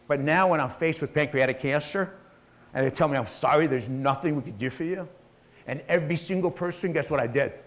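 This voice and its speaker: A middle-aged man giving a blunt motivational talk on stage, swearing freely and acting out what others said to him. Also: on the high side. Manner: blunt, swears, acts out quotes. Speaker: speaker.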